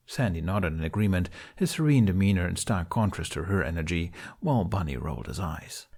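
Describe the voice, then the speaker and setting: A man with a lowish voice reads a story aloud at an unhurried, even pace. His narration is calm and steady. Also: breathy edge. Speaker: podfic reader. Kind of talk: story reading.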